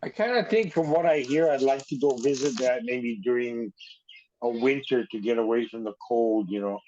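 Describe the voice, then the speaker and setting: A man from Hawaii hosting a relaxed, conversational interview and asking easygoing questions. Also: medium pitch, moderate pace, a little hiss or hum. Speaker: host. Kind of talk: casual interview. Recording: dull lo-fi sound.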